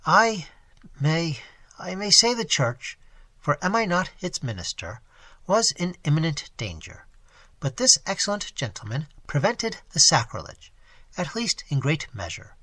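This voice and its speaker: A man's voice: on the high side, sing-song, unhurried, pushed and bright, breathy edge, no echo, heavily acted. A man voicing a plump, pompous, self-pitying country clergyman who rambles on self-righteously. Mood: aggrieved.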